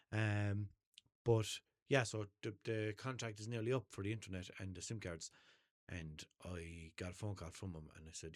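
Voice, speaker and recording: A man's voice: on the low side, fairly even intonation, moderate pace, dry recording. Sweary Irish man rambling solo, dry sound. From Ireland. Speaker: podcast host. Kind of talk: unscripted rambling monologue. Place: home room, seated in a chair. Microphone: headphones and desk mic.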